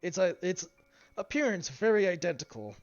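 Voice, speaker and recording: A man narrating a tabletop game as game master, halting over his words with frequent fillers and restarts. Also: high-pitched, big pitch swings. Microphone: streaming mic. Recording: dull lo-fi stream, faint music.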